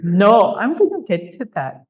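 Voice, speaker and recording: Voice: medium pitch, big pitch swings, a little slow. A language teacher leading a classroom pronunciation lesson, drilling words by repetition, patiently correcting students and teasing them good-humouredly. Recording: dull lo-fi classroom recording.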